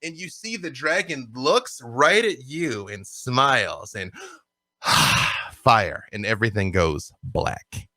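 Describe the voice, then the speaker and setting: Man narrating a tabletop game, animated. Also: mid-range voice, takes it slowly, no echo, clean studio sound. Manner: dramatic, vivid narration. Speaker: game master.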